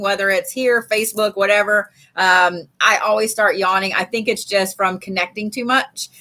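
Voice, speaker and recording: A woman's voice: mid-range voice, sharp tone. A woman giving a casual live card reading from home, chatty and swearing freely. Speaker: live tarot reader. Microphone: streaming setup.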